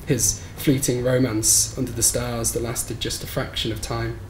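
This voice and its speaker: A man reading his own short story aloud at a live bookshop event, in a measured, somber storytelling manner. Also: mid-range voice, level tone. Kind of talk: live reading of literary fiction. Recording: roomy live recording with faint background noise.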